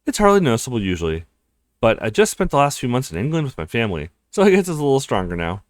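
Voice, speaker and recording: A man's voice: medium pitch, sing-song, fast talker, dry recording, studio quality, lightly acted. A man voicing an easygoing, chatty young male law student in a visual novel. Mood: friendly. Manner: friendly and chatty.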